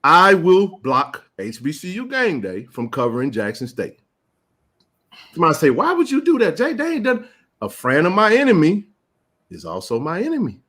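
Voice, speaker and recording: A man hosting a live sports chat, ranting with passion and rising to shouts. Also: fairly high pitch, wildly swooping pitch, normal speed. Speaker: sports talk show host.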